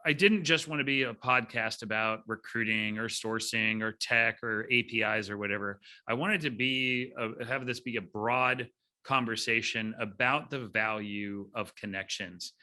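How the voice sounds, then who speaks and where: Bright, upbeat male podcast host. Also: fairly low pitch, moderate pace. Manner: upbeat, chatty, lively delivery. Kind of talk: casual podcast interview.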